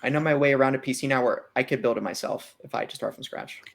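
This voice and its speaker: A man's voice: mid-range voice, quick pace. A man co-hosting a podcast, chatting casually in a rambling way that often trails off mid-sentence. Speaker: podcast co-host. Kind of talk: casual chat.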